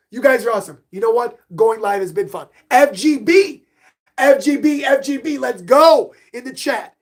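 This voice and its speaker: A middle-aged man runs a live sports podcast stream, animatedly reading chat questions aloud and hyping himself up. His voice is extremely high with a breathy edge, at a moderate pace.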